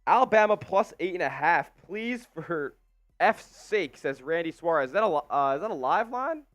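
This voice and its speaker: A man's voice: fairly high pitch, lively intonation, moderate pace, a bit bright, dry recording, lo-fi sound, soft background music. A man co-hosting a live sports stream, joking around and reading viewer comments aloud. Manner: jokey, reads chat messages aloud. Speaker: stream co-host. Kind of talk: casual live stream chat.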